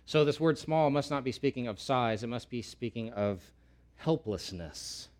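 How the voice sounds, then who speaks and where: An expressive pastor with a mid-range voice gives an earnest sermon at a moderate pace. Key words come back again and again for emphasis, and quoted pleas rise to a loud pitch.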